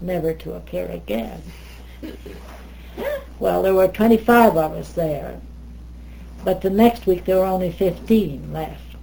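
An older American woman telling stories in an interview, lively, wandering, and often correcting herself. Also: lowish voice, creaky, a little hiss or hum, rough recording. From United States. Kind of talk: oral history storytelling.

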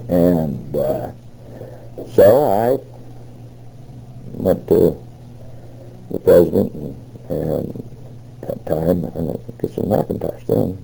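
A man's voice: deep voice, expressive, slow pace, gravelly, pauses often, mellow, slight background noise, poor audio. An older man telling his memories in an oral history interview, rambling and retelling old conversations with many fillers. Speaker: interviewee recalling past work.

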